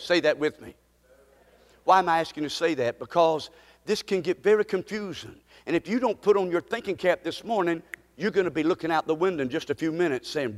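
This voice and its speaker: A male pastor, his voice sitting notably high, preaching a sermon. He leads the congregation in call-and-response and builds to emphatic repetition. The sound carries a long echo from a large church hall. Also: animated, a little fast.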